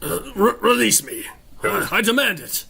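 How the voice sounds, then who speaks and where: A man playing a gruff northern soldier. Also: high voice, animated, normal speed, pushed and bright, voice pushed up, exaggerated voice. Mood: demanding. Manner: haughty, demanding. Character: gruff proud male northern soldier in his forties.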